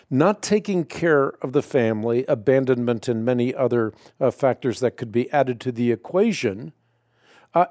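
Man, radio host, mellow dark tone, dry studio sound, measured and explanatory. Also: medium pitch, dry recording. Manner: measured, explanatory, cites scripture. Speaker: radio host answering Bible questions. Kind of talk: call-in radio answer.

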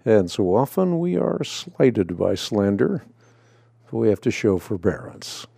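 A man hosting a radio call-in show, speaking in a measured, deliberate way with frequent filler sounds. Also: lowish voice, very animated, vocal fry, dark tone, husky, no echo, studio quality.

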